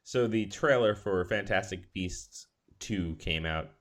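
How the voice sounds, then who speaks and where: A man with a fairly low voice hosts a casual podcast chat. He talks eagerly, laughs often and keeps restarting his sentences. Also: slow. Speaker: podcast host.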